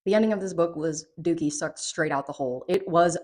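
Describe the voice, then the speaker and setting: A woman giving a casual, profane and sarcastic spoken book review, recapping the plot with animated energy. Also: sits low, brisk.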